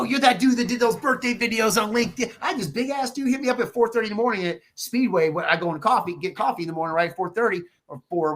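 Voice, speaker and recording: A man with a high voice, talking as a podcast guest. He tells stories in a loose, animated way and swears freely. He slips into lively voices when he quotes people. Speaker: podcast guest, real estate agent. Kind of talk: casual podcast interview.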